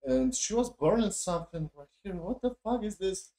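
A man's voice: sits high, expressive, moderate pace, warm tone. A man reviewing a show in a profane, mocking, exasperated casual rant. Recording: echoey room.

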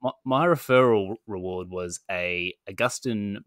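A man's voice: deep voice, fairly even intonation, normal speed, sharp tone, smooth, dry recording, clean studio sound. A man, a podcast guest chatting casually in a self-deprecating, sarcastic manner and chuckling as he talks. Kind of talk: casual chat.

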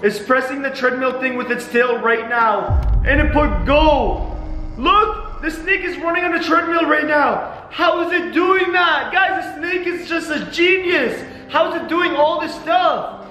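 A young man narrating his vlog in an excitable way, gasping often. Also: extremely high pitch, a little slow, echoey room. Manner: excitable, keeps gasping "oh my God". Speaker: vlogger.

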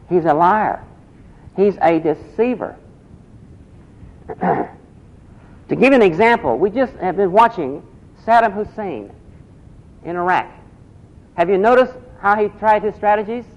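A man's voice: high-pitched, animated, slow, pauses often. A man preaching a sermon, asking the congregation questions and repeating key phrases. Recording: dull lo-fi recording.

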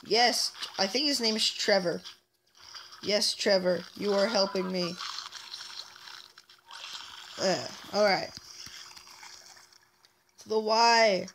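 A woman's voice: medium pitch, slow, pauses often, noisy background. A woman giving casual, playful let's-play commentary as she plays, chatting to herself and taunting enemies in a mock-villain way. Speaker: gameplay commentator.

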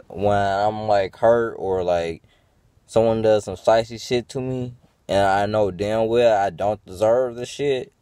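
A man's voice: lowish voice, darkish tone, clean tone, dry recording. A man venting in a rambling, profane monologue to his viewers, full of fillers and restarts. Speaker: vlogger.

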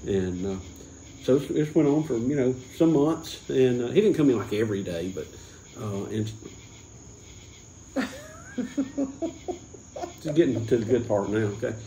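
A man's voice: mid-range voice, animated, a little slow, long pauses, dark tone, reverberant, a little hiss or hum, rough recording. A man hosting a casual beer tasting, rambling through a drinking joke with lots of restarts. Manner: rambling, full of restarts and chuckles. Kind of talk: casual chat, telling a joke.

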